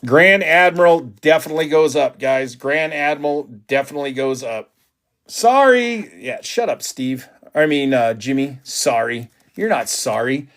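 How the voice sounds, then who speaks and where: A man hosting a live trading card break, talking excitedly and casually to his viewers. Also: mid-range voice, normal speed, few pauses. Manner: excitable, hyped, chatty with viewers.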